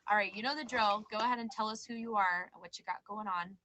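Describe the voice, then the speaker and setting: A woman's voice: mid-range voice, fast talker, pushed and bright, slight background noise, poor audio. A woman hosting a live tarot show, chatting casually and reassuring her guests, calling them babe and girl. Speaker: tarot reader and show host. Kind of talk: casual live-stream chat and tarot reading.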